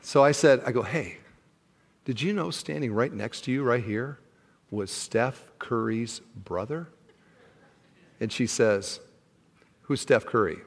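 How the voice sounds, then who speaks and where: A man preaching a sermon as pastor, telling a story with lively acted-out exchanges before an earnest appeal to fathers. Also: mid-range voice, slow pace, long pauses, big-room sound. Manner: animated storyteller who acts out the people in the story. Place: large church auditorium.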